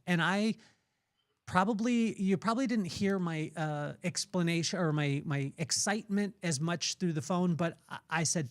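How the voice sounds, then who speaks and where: A man's voice: sits high, moderate pace, dry recording, clean studio sound. A man hosting a podcast, telling a rambling personal story with many restarts. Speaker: podcast host. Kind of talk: casual interview chat.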